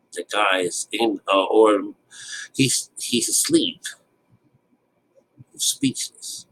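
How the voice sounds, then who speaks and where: A man's voice: medium pitch, fairly bright tone, rough recording. A man giving a casual, rambling Bible commentary, full of restarts and loose swearing. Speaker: Bible teacher.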